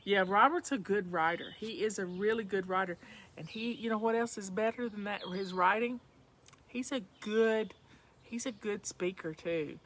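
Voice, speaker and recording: A woman's voice: mid-range voice, moderate pace, fairly bright tone, slight background noise. A woman with a Southern accent hosting a casual chat from home, folksy and chatty, talking to her viewers as y'all. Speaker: livestream host.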